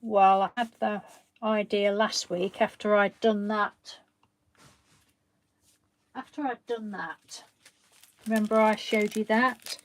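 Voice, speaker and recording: A woman's voice: medium pitch, steady tone, takes it slowly, long pauses. A woman, hosting a craft live stream in a chatty, rambling way, laughing often. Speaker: craft channel host. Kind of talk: casual live-stream chat.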